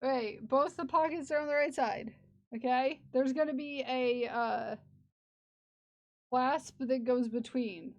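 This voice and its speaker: Her voice is high-pitched and she takes it slowly, chatting casually with live-stream viewers as she crafts. The woman laughs and talks to herself over slightly dull lo-fi stream audio.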